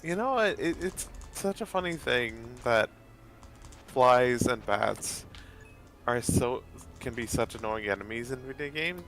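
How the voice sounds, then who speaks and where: Gravelly-voiced man, casual let's-play co-host, rambling chatter with background music. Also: medium pitch, lively intonation, a little slow, a bit bright. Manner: rambling, many fillers and restarts, laughs often. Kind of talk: casual gameplay chat.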